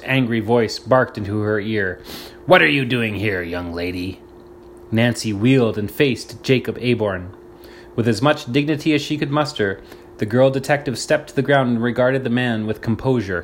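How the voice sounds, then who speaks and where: A man reading a storybook aloud, slow and deliberate, pausing to explain words. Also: mid-range voice, a little hiss or hum. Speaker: reader.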